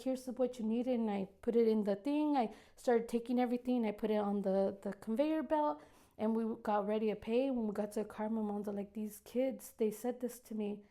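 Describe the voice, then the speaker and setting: Warm-voiced woman telling her story. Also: a little high. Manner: lively, acts out quoted dialogue, frequent "like". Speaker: guest sharing her testimony. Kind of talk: personal storytelling.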